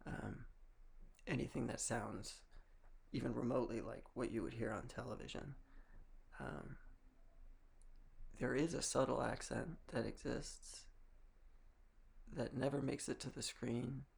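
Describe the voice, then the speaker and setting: A man from the area, musing in a casual monologue and pausing often with ums. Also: mid-range voice, steady tone, creaky, breathy edge. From Boston area. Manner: musing, hesitant with frequent ums. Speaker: video creator.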